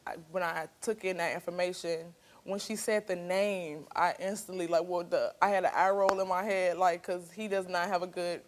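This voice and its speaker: A woman's voice: on the low side, fairly even intonation, normal speed. A woman in her thirties, a talk show guest, telling her story in a chatty, casual way and laughing easily. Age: 30s.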